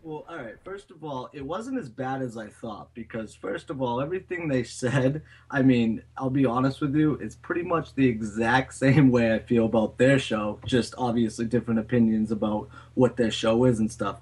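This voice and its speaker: A husky-voiced man from Boston talking on a podcast. He is blunt and defiant, and his voice has a rough edge to it. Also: medium pitch, moderate pace, hardly any pauses, darkish tone. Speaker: podcast co-host. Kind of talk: casual podcast chat.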